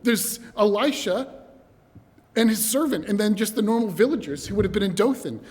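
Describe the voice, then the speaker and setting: Male preacher, fairly high voice, animated storyteller, long reverb of a hall. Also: moderate pace. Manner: animated storyteller, addresses brothers and sisters. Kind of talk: sermon. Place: church hall.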